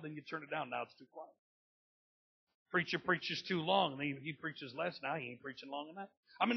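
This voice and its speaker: A man preaching a sermon with a gravelly, husky voice, swinging from low talk up to loud shouting. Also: highs cut off. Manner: builds from low talk to loud shouting, acts out family members. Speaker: pastor.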